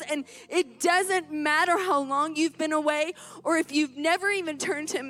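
A woman's voice: high voice, moderate pace, few pauses, a bit bright, soft background music. A woman in her thirties preaching a storytelling sermon, emphatic and repeating key phrases as she builds to fervent appeals.

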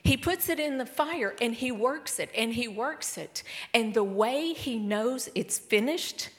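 Woman preaching with hushed intensity. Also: fairly high pitch, unhurried. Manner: emotional storytelling, swings between hushed whispers and excited bursts. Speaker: speaker at a church service. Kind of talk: sermon testimony.

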